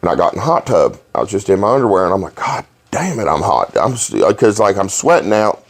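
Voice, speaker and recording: A man hosting a podcast, telling rowdy stories in a profane, animated way and laughing along. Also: on the low side, fast. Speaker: podcast host. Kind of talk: casual storytelling chat.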